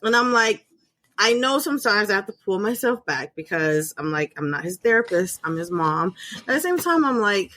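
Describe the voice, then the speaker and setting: A woman's voice: medium pitch, big pitch swings, moderate pace, bright, forceful tone, no echo. A middle-aged woman hosting a podcast, chatting casually in a talkative, rambling way. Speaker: podcast host. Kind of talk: casual chat.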